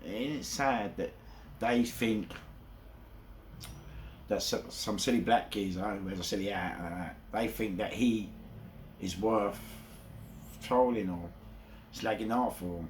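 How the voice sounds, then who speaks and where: A man's voice: fairly low pitch, slow pace, pauses often, a little hiss or hum. A man with a London accent, telling his own story in a casual, streetwise monologue full of rhetorical asides. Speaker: self-described gangster telling his story.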